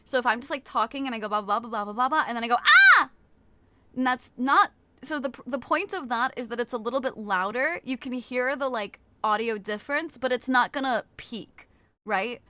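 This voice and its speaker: A woman's voice: on the high side, fairly quick, bright, forceful tone, slight background noise. A woman streaming live, chatting casually with her viewers, greeting them by name and often restarting her sentences. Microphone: desktop mic with a limiter.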